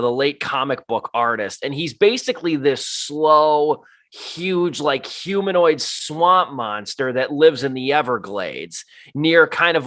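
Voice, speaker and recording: Bright-voiced rambling film critic man. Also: fairly high pitch. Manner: animated, rambling with many fillers and restarts. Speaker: podcast co-host, film critic. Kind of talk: casual movie review chat.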